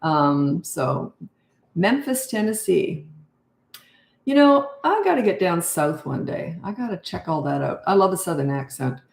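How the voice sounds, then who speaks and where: An older woman hosts a casual livestream, chatting loosely and greeting viewers as their comments come in. Her voice sits a little low for a woman, and the room around her adds a clear echo. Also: very animated, a little slow. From Canada. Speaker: parenting coach hosting a livestream.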